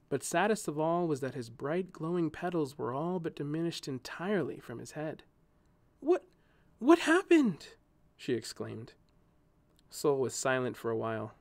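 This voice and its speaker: A man reading a storybook aloud in scripted narration, with a gentle, measured telling. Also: mid-range voice, no echo.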